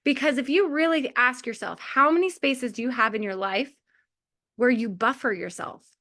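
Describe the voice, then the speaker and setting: A woman's voice: a little high, moderate pace, bright, forceful tone. A woman in her forties giving a heartfelt motivational talk to a community of mothers, chatty and full of "like" and small laughs. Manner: chatty, lots of filler "like", laughs often.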